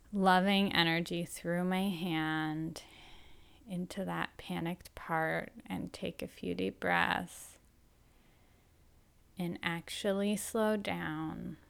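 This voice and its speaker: A woman talks slowly and gently, candid and self-reflective, in a personal monologue. Her voice is bright and smooth, with a noticeable creaky fry at the ends of her phrases. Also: fairly low pitch.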